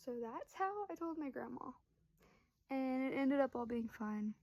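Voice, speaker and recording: Young woman in her twenties, rambling casual storytelling, higher voice, mellow tone. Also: normal speed, dry recording, poor audio. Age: 20s. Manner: rambling, chatty, lots of fillers; acts out voices of family in quotes. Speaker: vlogger and young mother.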